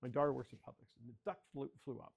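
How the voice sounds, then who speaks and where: An older male photographer, a guest speaker, has a medium-pitched, husky voice with vocal fry, fairly even intonation, and a rapid-fire delivery. In a children's library area, he chats and tells stories while walking a club through a slideshow of his work, calling for each next slide.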